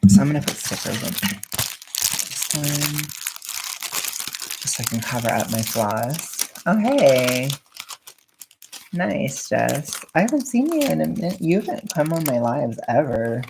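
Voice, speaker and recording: A woman's voice: very deep voice, creaky, noisy background. A woman chatting casually on a livestream while wrapping gifts, rambling and joking at her own expense. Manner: rambling, self-mocking, joking. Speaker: vlogger livestreaming.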